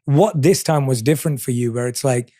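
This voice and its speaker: Mellow male podcast host. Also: medium pitch, a little fast, no echo, studio quality. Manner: earnest, reflective questioner. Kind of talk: interviewing.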